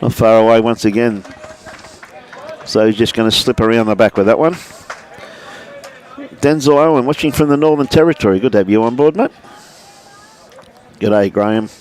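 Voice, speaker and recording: A man's voice: mid-range voice, normal speed, pauses often, darkish tone, slight background noise. A man doing live commentary on a lawn bowls match, chatty and friendly with viewers, dropping "mate" into most lines. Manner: chatty, greets viewers by name, says "mate" often. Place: outdoors at a bowls club.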